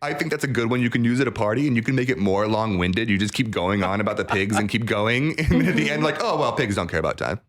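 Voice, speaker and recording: A man's voice: fairly low pitch, fast talker, few pauses. A man co-hosting a podcast, telling a long shaggy-dog joke and laughing at his own punchline. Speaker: podcast co-host.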